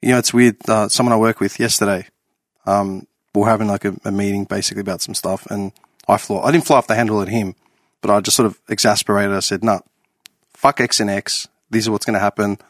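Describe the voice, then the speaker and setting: A man's voice: fairly low pitch, steady tone, fast, no room sound, clean studio sound. A man chatting casually as host, blunt and free with swearing. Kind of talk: casual chat.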